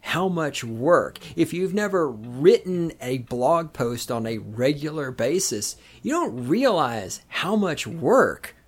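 Brash Southern American man, podcast co-host. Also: a little high. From Southern United States. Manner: emphatic, joking, brash. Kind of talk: casual podcast chat.

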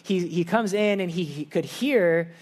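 During a church service, a male pastor with a high voice delivers a conversational sermon at a measured pace. He shares personal stories earnestly.

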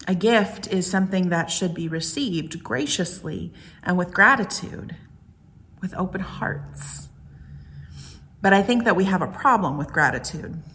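A woman pastor giving a gentle, reflective sermon, asking the congregation many questions. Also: on the low side.

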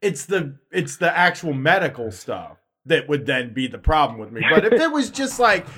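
A man chats casually on a podcast, rambling and restarting his sentences. His voice sits a bit higher than most men's, and he laughs easily. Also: sing-song, normal speed, bright, forceful tone, slightly rough. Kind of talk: casual chat.

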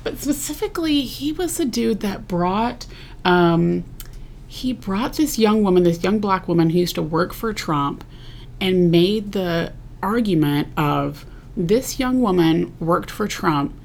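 A woman's voice: on the low side, expressive, a little slow, vocal fry, darkish tone, slight background noise. A woman co-hosting a podcast, talking in a chatty, rambling way with lots of fillers. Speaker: podcast co-host. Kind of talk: casual chat.

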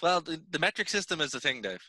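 Bright, excitable Irish man. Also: on the high side, fast talker, dry recording. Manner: chatty, excitable, jumps between topics. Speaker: podcast co-host. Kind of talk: casual chat.

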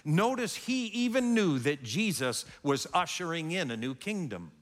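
A man's voice: fairly high pitch, expressive, a little slow, few pauses, a bit bright. A man preaching a sermon as pastor, telling the story dramatically and acting out the scene. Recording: long hall reverb.

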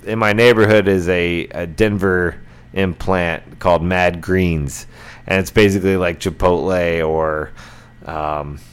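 Middle-aged guy rambling on his own podcast, real low voice, clean smooth tone, loads of fillers. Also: steady tone, measured pace. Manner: rambling, many fillers and restarts. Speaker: podcast host. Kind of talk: casual solo podcast chat.

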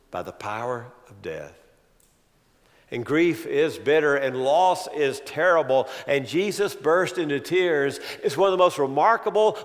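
A man preaching a sermon as pastor, swinging from loud, emphatic build-ups to quiet, low asides. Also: in a large hall.

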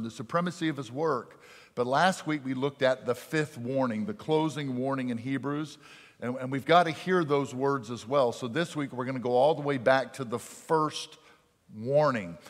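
A male pastor preaching a sermon earnestly, swinging from forceful emphasis to hushed, quiet lines. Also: mid-range voice. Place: church sanctuary. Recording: church hall reverb.

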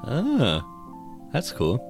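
A man chatting casually about movies, animated and swearing freely. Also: medium pitch, drawn-out words, creaky, soft background music. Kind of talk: casual chat.

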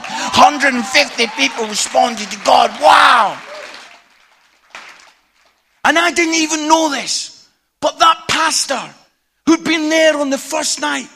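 A middle-aged man preaching a humorous storytelling sermon, an animated teller with punchy asides. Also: extremely high pitch. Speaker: evangelist preacher.

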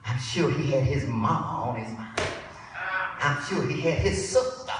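A woman preacher delivering a sermon with impassioned delivery, dropping to a hush and rising to shouts, in a large church. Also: a bass voice, lively intonation, a little slow, noisy background. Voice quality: impassioned, swings from hushed to shouted. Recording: echoey church hall from far off.

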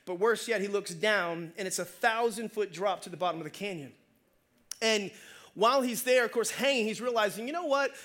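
Energetic high-voiced male pastor preaching. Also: normal speed. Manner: energetic, conversational preaching with call-outs to the congregation. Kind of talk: sermon. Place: church.

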